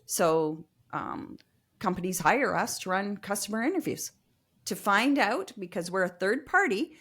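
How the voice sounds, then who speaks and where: Woman explaining in a lively way. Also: medium pitch, a little slow, slightly rough. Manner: explanatory, lively, uses fillers like um and you know. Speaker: customer experience consultant, guest. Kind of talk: casual interview chat.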